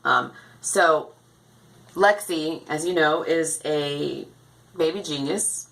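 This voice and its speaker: A woman's voice: low-pitched, slow, creaky, a bit bright, a little hiss or hum, rough recording. A woman chatting casually to the camera in a rambling way as she shows her dolls at home. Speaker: doll collector vlogger. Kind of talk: casual chat. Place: home, indoors.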